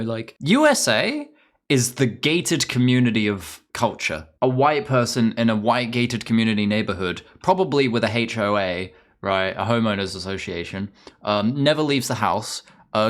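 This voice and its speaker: A man with an English accent streaming a game, chattering casually in a profane, rambling, ranting way. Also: medium pitch.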